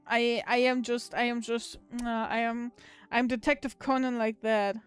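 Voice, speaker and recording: A woman's voice: on the high side, clean tone. Giggly woman chatting with stream viewers. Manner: giggly, laughs often, swears casually. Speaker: livestreamer. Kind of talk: casual chat with viewers.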